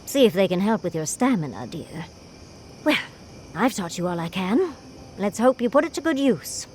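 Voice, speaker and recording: A woman's voice: medium pitch, sing-song, moderate pace, a little mellow, slight background noise, lightly acted. An actress voicing a furred female adventurer companion in a video game, with a wry, teasing manner that tosses out darling and dear. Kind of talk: video game character dialogue.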